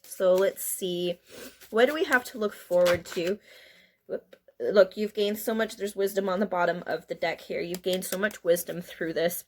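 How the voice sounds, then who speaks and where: A woman's voice: fairly low pitch, normal speed, darkish tone, slight background noise. Woman tarot reader, casual and chatty, emotional, laughs often, talks straight to her viewers. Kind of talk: casual spiritual card reading.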